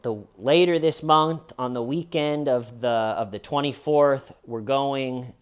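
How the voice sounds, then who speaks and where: A young adult man vlogs a personal story in a relaxed way, his voice clear, resonant, and unhurried. He gives an animated retelling, acting out quoted lines by raising his pitch.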